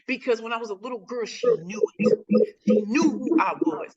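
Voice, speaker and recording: On a video call, a woman in her forties from St. Louis recounts her life as a motivational guest speaker, emphatic and fond of repeating phrases. Her voice is a little high and animated, with a breathy edge and a moderate pace, and the sound is lo-fi.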